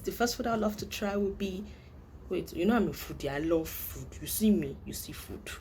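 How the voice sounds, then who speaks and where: A woman's voice: medium pitch, animated, moderate pace, a little mellow, slight background noise. A young woman from Nigeria, chatting playfully to camera and laughing often. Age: young adult. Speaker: vlogger. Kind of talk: casual chat to camera.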